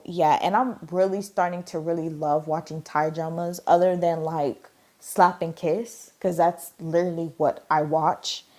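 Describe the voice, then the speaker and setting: Chatty lower-voiced woman gushing. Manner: gushing, chatty, full of "like" fillers. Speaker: drama reviewer. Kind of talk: casual review chat.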